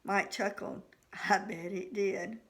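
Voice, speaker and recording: A woman's voice: medium pitch, fairly even intonation, slow pace, fairly bright tone. A woman reading her own novel aloud in the first person, voicing the dialogue of each character. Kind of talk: audiobook narration.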